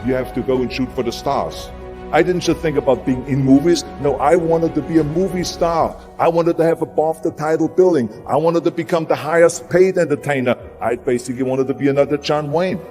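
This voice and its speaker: German-accented guy pumping up a crowd, slightly high voice, booming hall reverb and music under him. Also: brisk, mellow. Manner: emphatic, repeats for punch. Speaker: motivational speaker. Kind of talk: motivational speech.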